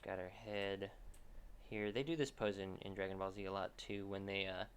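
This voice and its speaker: A man's voice: low-pitched, steady tone, normal speed, a little hiss or hum. A young man streaming himself drawing, chatting casually and thinking aloud with lots of restarts. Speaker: artist streaming a drawing session. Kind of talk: casual commentary while drawing.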